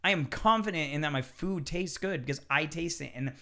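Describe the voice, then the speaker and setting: A man who works as a chef, talking casually on a podcast and swearing freely as he acts out kitchen quotes with animated energy. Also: fairly high pitch, brisk.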